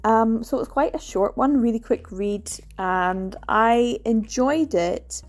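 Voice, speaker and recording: A woman's voice: on the high side, takes it slowly. A Scottish woman chatting casually and enthusiastically about books she read, laughing often. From Scotland. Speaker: book vlogger. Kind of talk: casual book wrap-up chat.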